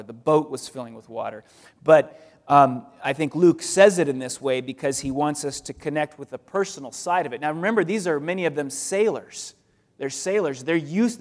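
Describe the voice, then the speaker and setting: A man preaching an expository sermon to his congregation in a conversational way, repeating phrases for emphasis. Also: a little high. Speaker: pastor. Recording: long reverb of a large hall.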